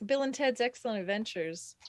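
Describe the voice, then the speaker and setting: A woman co-hosting a casual chat, dropping in quick remarks and laughing. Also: a little high, animated, a little mellow.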